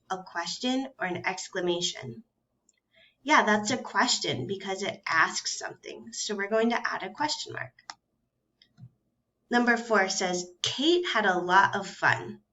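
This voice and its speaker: A woman teaching a recorded first grade reading and grammar lesson, speaking slowly and clearly and sounding out letters one at a time with patience. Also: medium pitch, sharp tone, lo-fi sound. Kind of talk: recorded phonics and grammar lesson for young children.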